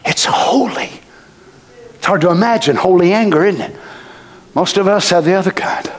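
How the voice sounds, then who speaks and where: A male preacher delivering an impassioned sermon, swinging between shouts and hushed whispers. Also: high-pitched, a little fast.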